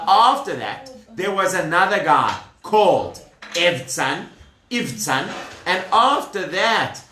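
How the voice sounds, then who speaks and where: In a roomy, echoey room full of listening children, a man with a high-ish, sharp voice tells them a Bible story in a chatty way, asking them questions.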